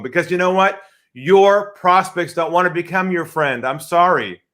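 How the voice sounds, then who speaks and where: A man speaking as a sales expert guest in a podcast interview, animated and emphatic. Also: a little high, normal speed. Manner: animated, acts out quoted voices, emphatic.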